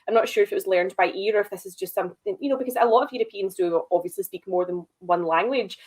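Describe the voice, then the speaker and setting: A woman chats about a film on a podcast in an animated, conversational way, full of "like" and "you know". Her voice is mid-pitched and ordinary. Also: fast. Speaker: podcast co-host. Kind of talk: casual film discussion.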